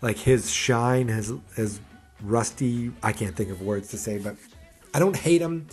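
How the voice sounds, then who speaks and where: A man's voice: medium pitch, measured pace, a little mellow, faint music behind. Rambling sarcastic man, casual podcast chat. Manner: rambling, sarcastic, full of fillers. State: hiccups. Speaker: podcast host. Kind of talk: casual wrestling preview chat.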